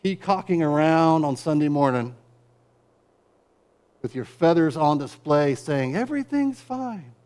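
A middle-aged man preaching a sermon as pastor, with wry conversational asides, dropping to quiet low passages and building to loud, driving peaks. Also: steady tone, unhurried, pauses often, clear, resonant tone.

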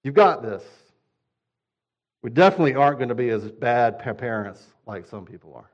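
A man's voice: medium pitch, lively intonation, moderate pace. A man delivers a humorous sermon about parenting, his energy swinging as he acts out little scenes. His voice sits in a middle register. The recording is a bit dull and lo-fi. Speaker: father.

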